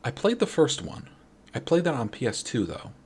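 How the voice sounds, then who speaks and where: A man's voice: mid-range voice, huge pitch swings, normal speed, a little mellow, slightly rough. A man from New York with a New York accent, chatting casually and rambling with his stream viewers late at night. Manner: rambling, friendly, many restarts. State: late-night, a little wired. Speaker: game streamer.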